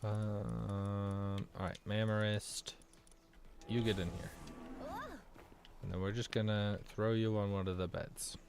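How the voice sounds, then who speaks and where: A man's voice: fairly low pitch, flat delivery, slow, gravelly, long pauses, a little mellow, soft background music. An American man chatting casually through a let's-play, rambling from thought to thought and talking to the game's characters. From United States. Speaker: gaming video creator.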